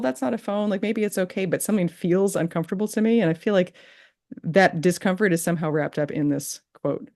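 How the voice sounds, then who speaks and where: A woman hosting a podcast, chatting casually and telling a lively story with laughs. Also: sits low, vocal fry. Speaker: podcast host. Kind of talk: casual interview chat.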